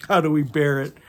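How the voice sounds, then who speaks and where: Middle-aged man, higher pitch, slow unhurried delivery, emotional casual read-through with asides and laughs. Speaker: host reading a novel aloud. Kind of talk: casual reading with personal commentary.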